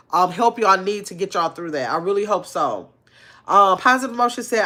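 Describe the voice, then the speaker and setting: A middle-aged woman, hosting a casual livestream, reading viewers' comments aloud and answering them in a chatty, heartfelt way. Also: on the high side. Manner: warm conversational, reads chat aloud, frequent fillers. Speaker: livestream host.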